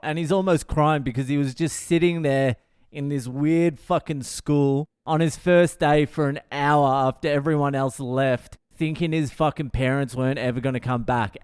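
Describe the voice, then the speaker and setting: A comedian hosting his own podcast, telling a story in a profane, wry, deadpan way with lots of swearing. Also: on the high side, clear, resonant tone, dry recording, studio quality. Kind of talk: comic storytelling monologue.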